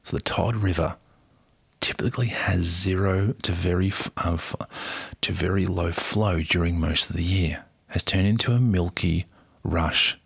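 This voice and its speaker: A man casually reading a news article aloud in a soft, unhurried voice, often half-whispering and chatting in between. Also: low-pitched, vocal fry, husky, no echo. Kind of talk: casual read-aloud with asides.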